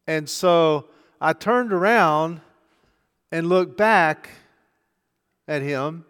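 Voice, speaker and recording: A middle-aged man preaching a sermon, telling a story conversationally and moving between hushed and loud delivery. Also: a little high, drawn-out words, smooth. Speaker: pastor. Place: church sanctuary. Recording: long church hall reverb.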